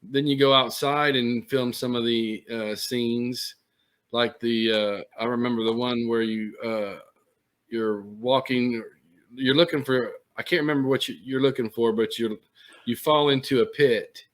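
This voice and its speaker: Slow, halting male interview host. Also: medium pitch, fairly even intonation, fairly bright tone. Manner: halting, searching for words with many fillers. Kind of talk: interview questions.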